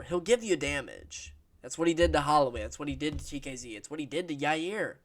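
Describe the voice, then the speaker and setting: A man's voice: on the high side, expressive, brisk, few pauses. A man giving a casual, blunt fight prediction in a vlog, swearing freely and sharing strong opinions. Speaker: MMA fight analyst.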